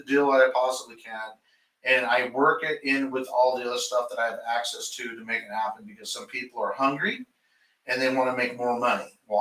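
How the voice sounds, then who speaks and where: Brief: fired-up shop owner, swears a lot, bright forceful voice, roomy garage sound, a little off-mic. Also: male voice, mid-range voice, far from the mic. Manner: heated, profane, ranting. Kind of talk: casual podcast chat.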